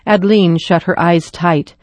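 A woman reading a children's story aloud in a gentle, even storytelling manner. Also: on the low side, moderate pace, no room sound. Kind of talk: scripted story narration.

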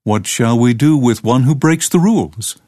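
A man reading the part of a gentle but firm schoolteacher of old, slow and earnest. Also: mid-range voice, lively intonation, no echo, studio quality, natural voice.

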